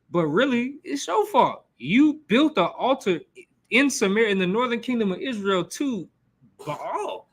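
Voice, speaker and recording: A man's voice: high voice, moderate pace. A man teaching a Bible class in a casual, slangy way, acting out the quotes as he goes. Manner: animated, slangy, acts out quotes.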